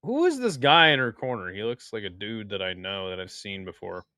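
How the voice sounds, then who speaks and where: A young man hosting a casual live-stream watch party, crude and excitable, joking with his chat. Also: lowish voice, brisk, dry recording, studio quality.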